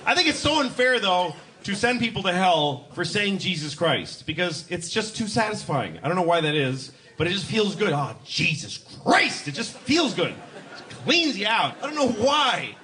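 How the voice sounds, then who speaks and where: Animated, profane man doing stand-up. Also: high-pitched, normal speed, some chatter behind. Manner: animated, profane, exasperated storytelling. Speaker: stand-up comedian. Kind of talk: live stand-up comedy.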